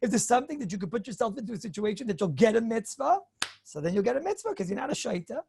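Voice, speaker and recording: Gravelly-voiced rabbi giving a lecture. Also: male voice, high voice, very fast, no room sound, clean studio sound. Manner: animated, acts out hypothetical dialogues; chuckles, frequent throat-clearing. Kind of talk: Torah lecture.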